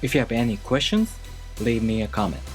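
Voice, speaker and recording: A man teaching a language lesson in a calm, methodical way, explaining step by step and saying example words aloud. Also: mid-range voice, fairly quick, faint music behind. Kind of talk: instructional video lesson.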